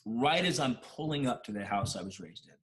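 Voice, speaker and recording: A man's voice: mid-range voice, expressive, fairly quick, a bit bright. Heartfelt man telling a personal story. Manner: heartfelt, emotional, many restarts. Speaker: interview guest.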